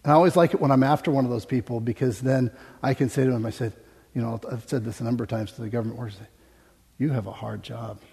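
American man, sermon, humorous anecdotes, mellow voice, long hall reverb. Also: mid-range voice, fairly even intonation, racing, husky. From United States. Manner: humorous, anecdotal, laughs often. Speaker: preacher. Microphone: stage microphone.

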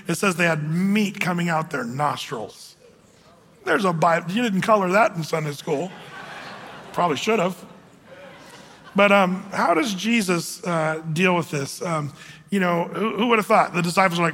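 High-voiced pastor in a reverberant hall. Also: male voice, normal speed, sharp tone. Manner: conversational, rambling with many fillers and restarts; acts out quoted voices with raised pitch. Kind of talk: sermon.

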